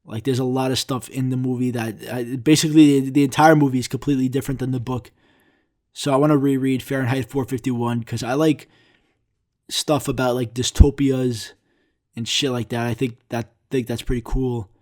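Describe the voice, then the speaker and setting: A man's voice: medium pitch, steady tone, normal speed, darkish tone. A young man talks alone into his podcast mic, rambling from one thought to the next. He swears casually, often mocks himself, and speaks in an ordinary mid-range voice. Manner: rambling, profane, self-mocking. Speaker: podcast host. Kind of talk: casual solo rant.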